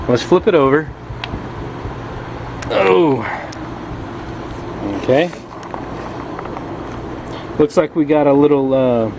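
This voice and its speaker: A chatty man talks through a repair job in a casual, joking way, his voice sitting a little high. He is filmed on a camera held in one hand in a garage, with a clear hum of machinery behind him. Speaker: motorcycle vlogger. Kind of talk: casual how-to commentary.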